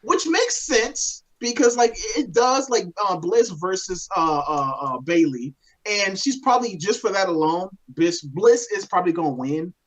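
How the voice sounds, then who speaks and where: A man's voice: high-pitched, lively intonation, normal speed, poor audio. Ranting, exasperated male co-host. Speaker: podcast co-host. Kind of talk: casual chat.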